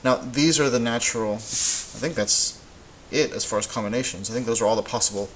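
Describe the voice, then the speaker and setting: A man teaching Spanish in a relaxed, patient way, thinking aloud as he works through examples. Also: mid-range voice, fairly quick, a little hiss or hum, rough recording. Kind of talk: informal classroom explanation.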